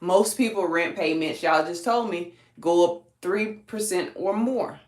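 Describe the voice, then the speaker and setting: A woman's voice: fairly low pitch, a little slow, a little mellow, echoey room. A woman real estate agent with a Southern accent teaches a live-streamed lesson in a folksy way, quizzing her viewers and calling them y'all.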